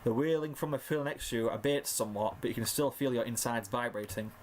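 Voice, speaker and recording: Man, story narrator, mock-dramatic, average pitch, faint background hiss. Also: quick pace. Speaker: fanfiction reader.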